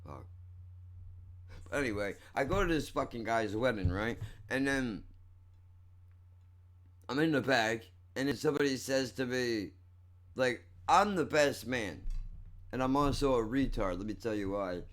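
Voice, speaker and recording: Young male comedian, close mic, crude and animated, rants off the cuff. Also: medium pitch, normal speed, long pauses. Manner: profane, animated, self-mocking. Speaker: comedian vlogger. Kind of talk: unscripted comedic rant. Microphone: close desk mic.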